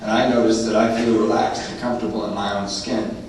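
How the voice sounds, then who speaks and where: A man's voice: lowish voice, level tone, fast talker, a little mellow. Man, 40s, from California, recovery meeting speaker, humorous testimony with frequent laughter, distant mic in a very echoey hall. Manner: storyteller, often laughing. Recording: echoey hall from far off, noisy room.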